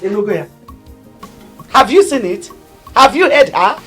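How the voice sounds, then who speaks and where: An actress with a Nigerian accent playing a proud, quarrelsome sister who accuses and complains. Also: female voice, medium pitch, lively intonation, a little slow, a bit bright, husky, soft background music, low-quality recording. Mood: indignant. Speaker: aggrieved elder sister. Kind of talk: Nollywood family drama acting.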